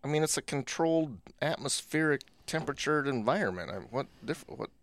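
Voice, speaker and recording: A man co-hosting a casual podcast chat, wry and deadpan, his voice drifting quieter mid-thought. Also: fairly high pitch, a little fast, a little hiss or hum. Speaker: podcast co-host.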